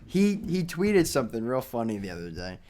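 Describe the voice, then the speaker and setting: Young guy co-hosting a podcast, jokey fast banter, laughs a lot. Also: medium pitch, very animated, a little mellow. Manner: joking, rapid banter with frequent laughter. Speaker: podcast host. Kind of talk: casual chat.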